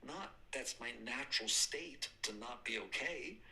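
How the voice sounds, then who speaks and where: A man's voice: mid-range voice, lively intonation, unhurried, pushed and bright, low-quality recording. An older man giving a spiritual talk, emphatic, repeating points and answering his own questions. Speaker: spiritual teacher.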